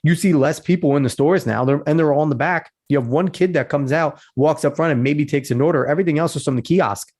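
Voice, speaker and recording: A man's voice: fairly high pitch, quick pace, hardly any pauses, darkish tone. A man hosting a podcast, reading a news article aloud and breaking off into blunt, profane, sarcastic commentary. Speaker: podcast host.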